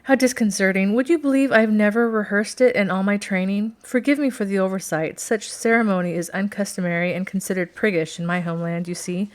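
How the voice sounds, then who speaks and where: A woman's voice: mid-range voice, steady tone, fairly quick, hardly any pauses, lightly acted. A woman reading a novel aloud voices a frank young heroine in a chatty, candid way that is slightly flustered.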